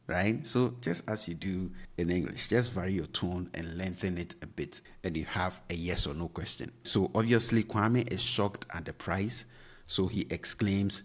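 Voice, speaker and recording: Male language teacher, low voice, patient, repeats phrases and acts out questions with exaggerated rising tones. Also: normal speed. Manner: patient, repeats each phrase several times. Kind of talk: explaining a language lesson.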